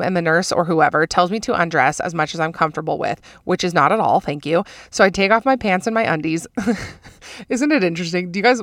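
A young woman hosting a podcast, casually telling an embarrassing story in a chatty, animated way, laughing often. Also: fairly low pitch, dry recording, clean studio sound. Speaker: podcast host.

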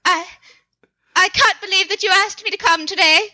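A woman's voice: extremely high pitch, sharp tone, voice pushed up, exaggerated voice. A woman putting on an old-timey Mid-Atlantic movie starlet. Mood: gracious. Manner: slow, gushing, theatrical. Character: grand old-timey movie actress, gracious.

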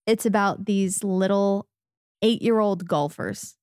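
Young female co-host, chatty and animated, mimics people in her stories, dry mic. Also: slow pace, no echo. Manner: animated storyteller, mimics people in high voices. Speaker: podcast co-host. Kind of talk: casual chat.

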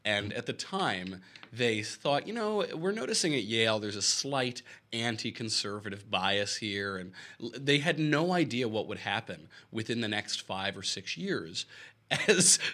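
A man's voice: lowish voice, sing-song, unhurried, bright, forceful tone. A tired, hungover young man talking as a podcast guest with dry, self-deprecating wit. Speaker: podcast guest and fellow host. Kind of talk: casual banter.

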